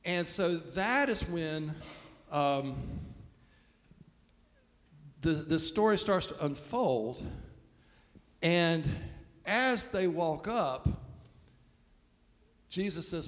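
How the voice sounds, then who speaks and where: Conversational pastor preaching in a reverberant hall. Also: male voice, a little high, expressive, slow pace, long pauses, a bit bright. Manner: conversational and self-deprecating. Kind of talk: sermon. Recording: long reverb of a large hall.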